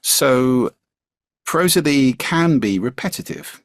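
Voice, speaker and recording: Brief: male speaking coach, low husky voice, animated explanatory delivery. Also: normal speed, no echo, clean studio sound. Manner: demonstrative, varies pitch widely to illustrate. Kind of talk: podcast interview.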